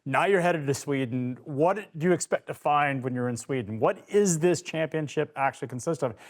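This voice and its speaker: Male host, casual chat, higher-pitched, stumbles and repeats words when starting sentences. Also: normal speed. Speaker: show host.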